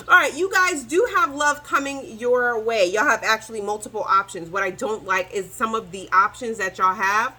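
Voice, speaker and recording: A woman doing a chatty, animated tarot reading to camera, talking straight to her viewers as y'all. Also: on the high side, normal speed, few pauses, poor audio. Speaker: tarot reader.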